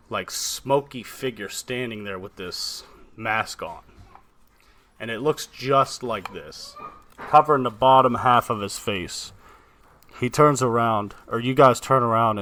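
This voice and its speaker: A man acts as game master, narrating a tabletop game in a loose style packed with fillers like "kinda" and "like." His voice is mid-range with a bright, forceful tone, and there's a little hiss or hum.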